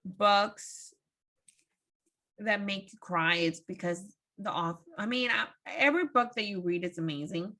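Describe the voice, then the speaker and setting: A woman's voice: mid-range voice, unhurried, pushed and bright. A woman co-hosting a book podcast in casual chat, stressing points by repeating words. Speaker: podcast co-host.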